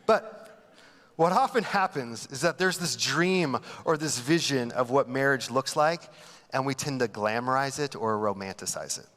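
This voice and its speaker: A man's voice: mid-range voice, expressive, normal speed, fairly bright tone, long reverb tail. A man preaching a humorous sermon as pastor, telling stories animatedly and mocking the voices he quotes. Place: large church auditorium.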